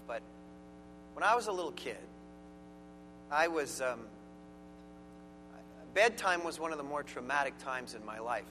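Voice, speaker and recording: A man preaching a sermon as pastor, earnest and emphatic, stressing key words. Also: medium pitch. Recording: long hall reverb with faint music.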